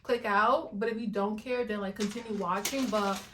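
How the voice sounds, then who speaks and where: A woman reviewing a cartoon reboot in an animated rant, dramatic and emphatic, repeating lines for effect. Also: mid-range voice, normal speed, slight background noise. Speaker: YouTube reviewer.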